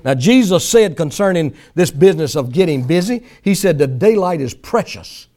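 A man's voice: a little high, lively intonation, moderate pace, mellow. A male pastor preaching a sermon in a folksy, emphatic way, mimicking pleading prayers for effect.

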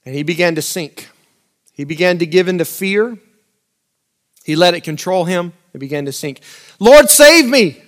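High-voiced man preaching with dramatic swings. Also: normal speed, long pauses. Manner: dramatic swings between loud urgent lines and quiet intimate asides; repeats phrases for emphasis. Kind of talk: sermon.

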